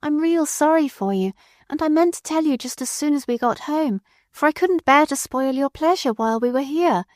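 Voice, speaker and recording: A woman voicing a meek little old lady who speaks gently, quavering through her tears, in an audiobook. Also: high-pitched, animated, normal speed, no echo, studio quality, voice pushed up. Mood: gentle. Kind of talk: audiobook character voice.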